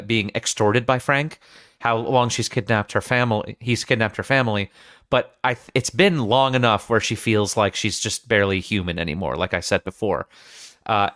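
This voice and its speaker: A man's voice: lowish voice, a bit bright, no echo, studio quality. A man hosting a podcast, talking through a film scene in earnest, analytical casual chat, often restarting his sentences. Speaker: podcast host.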